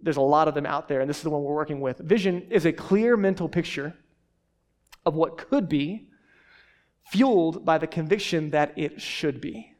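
Brief: male pastor in his thirties from Texas, fast, animated preacher with a slightly raised pitch. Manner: fast talking, animated storytelling. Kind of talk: sermon.

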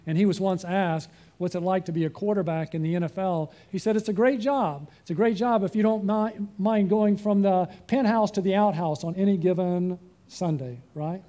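An older male pastor delivers a sermon in a fairly high voice with a mellow, warm tone. He often stops to put questions to the congregation and waits for answers. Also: steady tone, normal speed.

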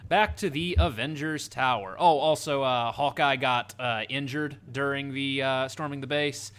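A man's voice: medium pitch, moderate pace, a bit bright, smooth. A man hosting a casual podcast, recapping a movie plot with frequent fillers and laughter. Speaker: podcast host recapping the film.

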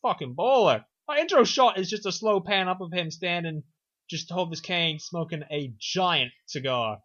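A man with a high-pitched, expressive, fairly bright voice co-hosts a podcast at a moderate pace, recapping a film. His casual take is sarcastic, profane and offhand, and the recording has a dull lo-fi sound.

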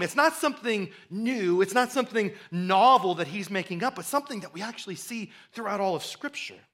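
Male pastor, high and bright voice, conversational sermon delivery with restarts that builds to loud bursts. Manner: animated preaching that rises to loud, fired-up bursts; conversational, with frequent repeated words and restarts.

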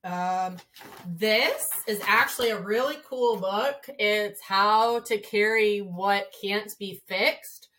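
A woman's voice: mid-range voice, takes it slowly. A woman who coaches swimming and diving, talking casually in an interview and telling stories in a chatty way with many filler words. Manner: chatty, frequent "like" fillers, lively retelling.

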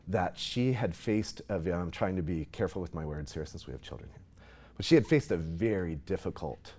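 A man, a pastor, preaching an emotional sermon to his congregation, reading scripture with loud emphasis. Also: low-pitched, breathy edge.

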